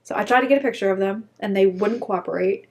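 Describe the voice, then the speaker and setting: A woman's voice: mid-range voice, quick pace. A woman co-hosting a casual chat podcast, rambling and losing her words as she laughs at herself. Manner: rambling, self-conscious, loses her words. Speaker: podcast co-host.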